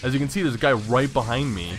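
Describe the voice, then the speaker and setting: Male let's-play host, middle-pitched, excitable and profane, lots of stammered restarts, quiet game music behind. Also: fast. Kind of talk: gameplay commentary.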